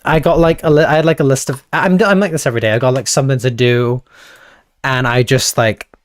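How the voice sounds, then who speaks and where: A man's voice: medium pitch, fairly even intonation, brisk, no room sound. A young man streaming live, rambling casually to his chat, often breaking off mid-sentence and fondly thanking viewers, speaking into a handheld mic he holds awkwardly. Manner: rambling, self-interrupting, affectionate to chat. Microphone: handheld mic, held awkwardly.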